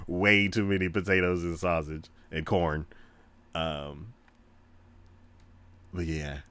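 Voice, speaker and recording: With a deep, smooth voice and a slow pace, a gaming channel host chats casually during play, laughing a lot as he acts out stories in animated voices.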